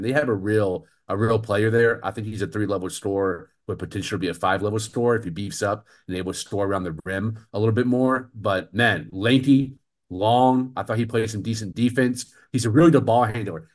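A man co-hosting a casual postgame basketball chat, opinionated and animated, laughing often. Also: fairly low pitch. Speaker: co-host of a postgame show.

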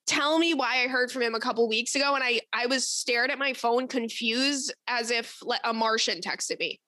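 A woman's voice: fairly high pitch, normal speed, pushed and bright, no echo. A young woman hosting a podcast, telling stories in casual chat, blunt and profane with lots of energy. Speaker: podcast host.

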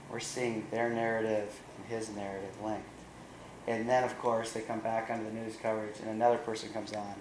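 A man preaching, retelling a film's plot in an animated way with wry asides. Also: on the low side, moderate pace, reverberant, a little hiss or hum, poor audio. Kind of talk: sermon storytelling.

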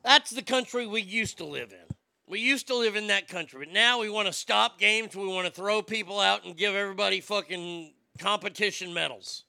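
A man's voice: sits high, moderate pace, creaky, sharp tone, no echo. A man delivering a blunt, sarcastic, profane opinion rant as a commentator.

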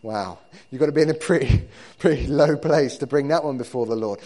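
A man preaching to his church in a relaxed, conversational way, often repeating words as he builds his points. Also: a little high, a little fast, few pauses. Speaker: pastor. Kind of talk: sermon.

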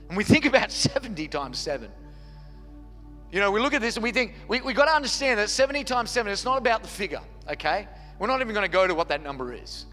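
A man's voice: high-pitched, pushed and bright. A man, preaching a sermon as pastor with an earnest, repetitive cadence. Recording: long reverb hall with faint music.

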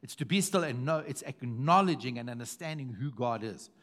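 A middle-aged man preaching a sermon, repeating phrases and swinging between hushed and loud. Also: medium pitch, animated, fairly quick. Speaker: pastor.

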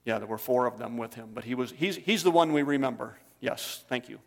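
A man's voice: mid-range voice, a little fast, gravelly, in a large hall. A man preaching a sermon, telling stories in a conversational way. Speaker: pastor.

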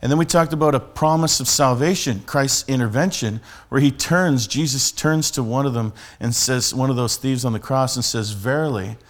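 A man's voice: medium pitch, normal speed, hardly any pauses. A man, a street preacher telling a story and teaching in a conversational sermon style with many restarts.

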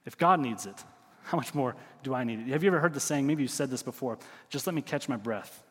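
A middle-aged man preaching a sermon, telling stories with lively swings and dropping to quiet emphasis. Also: medium pitch, fast talker, breathy edge, long reverb tail. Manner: animated storytelling, drops to quiet emphasis. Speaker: pastor.

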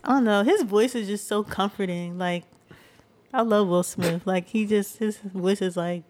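A woman's voice: medium pitch, normal speed, darkish tone. Philly woman telling a story casually. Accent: Philadelphia. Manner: storytelling, laughing. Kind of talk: casual chat.

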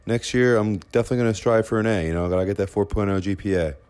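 Laid-back, hyped man, slightly low voice. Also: very fast, darkish tone, smooth. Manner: laid-back, profane, hyped about basketball.

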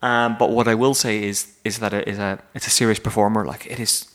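A man's voice: lowish voice, fairly even intonation, a little fast, fairly bright tone. A man, a wedding photographer, rambling through casual podcast chat about camera gear from his office, often restarting his sentences. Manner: rambling, chatty, self-correcting.

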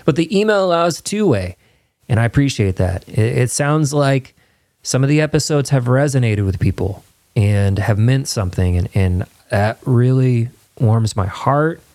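A man's voice: medium pitch, darkish tone, no room sound. A man hosting his own podcast, talking in an earnest, rambling, chatty way with a studio microphone. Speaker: podcast host. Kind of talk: casual solo intro then interview. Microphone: studio microphone with headphones.

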